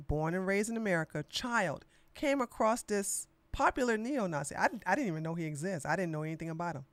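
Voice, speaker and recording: A woman's voice: fairly high pitch, no echo. Sassy, blunt woman podcast host. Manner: blunt, sassy and mocking, slangy, talks straight at the audience. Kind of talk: casual political commentary.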